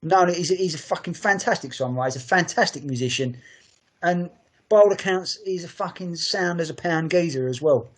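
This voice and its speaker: Male podcast co-host, slightly high voice, enthusiastic and profane. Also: a little fast. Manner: sweary, enthusiastic, rambling. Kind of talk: casual chat.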